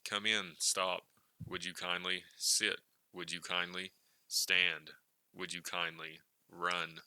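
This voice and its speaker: Man reading as a calm commanding founder, deep voice, bright tone, terse orders. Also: takes it slowly, clear, resonant tone, dry recording, exaggerated voice.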